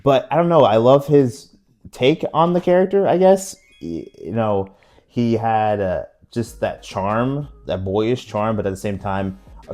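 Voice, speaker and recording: A man's voice: on the low side, dark tone. A young man reviewing a film in a casual, enthusiastic, rambling way, often restarting his sentences. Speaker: movie reviewer.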